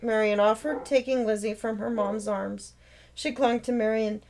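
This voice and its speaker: A woman author narrating her own novel in a steady, expressive read-aloud. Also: on the high side, normal speed, rough recording. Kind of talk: storytelling narration.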